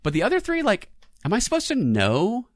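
A man's voice: high-pitched, wildly swooping pitch, a little fast, no room sound, clean studio sound. A man co-hosting a casual chat show about commercials, talking in a chatty way with easy laughs and many restarts. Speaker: podcast co-host.

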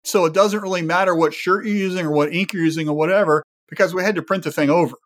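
A man's voice: high voice, fairly even intonation, fast, fairly bright tone. A man on a podcast panel, explaining shop sustainability and asking many rhetorical questions.

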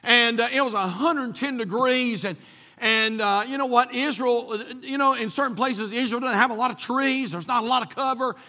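A bright, high-pitched man preaching in a church. He tells a folksy story, restarting and repeating himself often. His voice rings out with a long hall reverb behind it. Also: normal speed. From North Carolina. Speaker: pastor. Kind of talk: sermon with a personal story.

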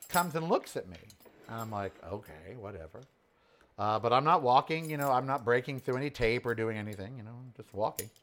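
A man in his forties from Southern California, telling a story in a casual, sassy, animated way while cooking on a home vlog. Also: medium pitch.

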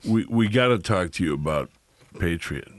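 Low-voiced, low-key male podcast host. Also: animated, normal speed. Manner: low-key, agreeable, quiet interjections. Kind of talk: podcast conversation.

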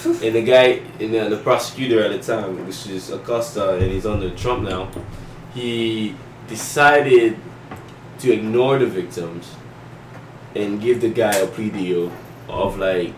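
A man co-hosting a casual chat, talking in a hesitant, halting way with many fillers. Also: fairly low pitch. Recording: roomy echo, distant mic, faint noise.

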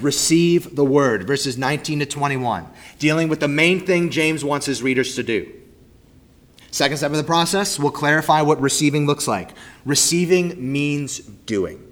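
Male pastor, mid-pitched voice, sermon delivery, punchy emphasis with hushed, falling endings. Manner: emphatic, swings from loud stresses to soft, low trailing endings. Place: church sanctuary.

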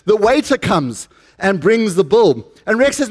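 A middle-aged South African man preaches with a notably high-pitched voice. He talks to his congregation in a loose, chatty way and slips jokes in between points. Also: sing-song, unhurried, a little mellow. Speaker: pastor. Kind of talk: sermon.

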